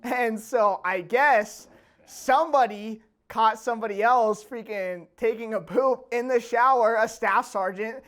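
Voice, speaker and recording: A former Marine in his twenties co-hosts a podcast, telling a story in casual chat between bursts of laughter. His voice is very high-pitched, a bit bright, and a little slow.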